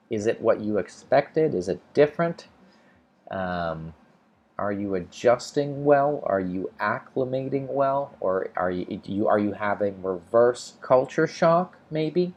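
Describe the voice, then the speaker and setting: American guy doing a live english lesson, lowish voice, laid back, lots of ums while he reads chat. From United States. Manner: relaxed, thinks aloud with fillers and restarts. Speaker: English teacher hosting a livestream. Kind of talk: casual livestream lesson, reading chat comments.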